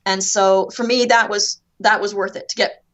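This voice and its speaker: A woman's voice: mid-range voice, fairly even intonation, normal speed, fairly bright tone. A Canadian woman guest on a podcast, chatting and telling stories with frequent fillers. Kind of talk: casual podcast chat.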